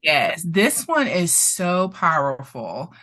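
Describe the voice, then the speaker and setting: A woman therapist appearing as a guest tells a story expressively in conversation, her low, slightly bright voice very animated yet slow-paced. She laughs often and becomes emotional as she goes.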